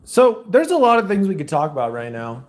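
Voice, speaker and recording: A man's voice: sits high, big pitch swings, brisk, background noise. A young man chatting casually in a rambling vlog while he fixes food in his kitchen, filming on a phone held in one hand. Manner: loose, rambling, talks while fixing food. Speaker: faith vlogger. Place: home kitchen.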